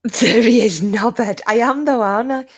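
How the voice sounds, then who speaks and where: A woman's voice: on the high side, normal speed. A young woman telling a story casually to her live chat, laughing often, swearing freely and poking fun at herself. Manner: laughing, swearing, self-mocking. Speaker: streamer.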